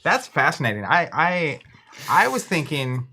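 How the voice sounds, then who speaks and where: A man's voice: a little high, big pitch swings, a little slow, bright, forceful tone, slightly rough. A man co-hosting a casual tabletop game stream, chatting and speculating at length. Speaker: co-host. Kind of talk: casual chat.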